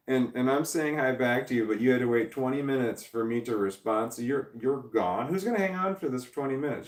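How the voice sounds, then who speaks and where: A man on a casual livestream, reading chat comments aloud and rambling through them with lots of halting restarts. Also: mid-range voice, recorded from a distance. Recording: roomy, off-mic sound.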